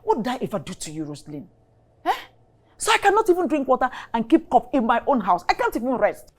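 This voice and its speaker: A woman's voice: lowish voice, big pitch swings, quick pace, a little mellow. An actress with a Nigerian accent playing a tired, irritated middle-aged mother who scolds. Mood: exasperated. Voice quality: exasperated, scolding. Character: weary irritated mother who wants to rest. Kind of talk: Nollywood film acting.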